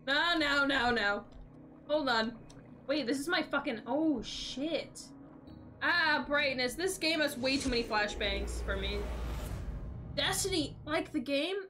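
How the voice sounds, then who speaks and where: A woman's voice: high voice, lively intonation, takes it slowly, sharp tone, soft background music. A young woman streaming a game, chatting playfully and greeting her viewers. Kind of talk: casual live-stream chat while gaming.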